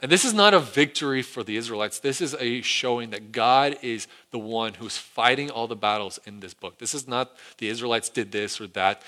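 Bright-voiced preacher telling a story. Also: male voice, mid-range voice. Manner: animated storytelling with acted quotes. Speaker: pastor. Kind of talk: sermon.

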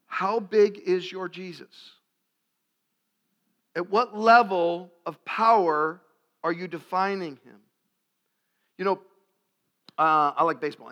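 High bright guy preaching, firing questions at the crowd, gets loud. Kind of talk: sermon. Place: live event before an audience.

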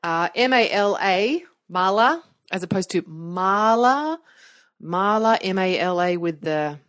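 A woman's voice: on the low side, normal speed. A middle-aged woman hosting a podcast from her bedroom, chatting casually with lots of fillers and restarts. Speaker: podcast host. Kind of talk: casual solo podcast talk. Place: bedroom, seated on bed.

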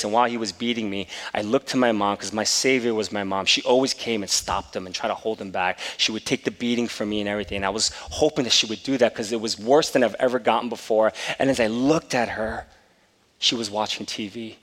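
A man's voice: fairly low pitch, fairly bright tone. A man preaching a sermon, telling a personal story with quoted dialogue. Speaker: pastor. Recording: long reverb of a large room.

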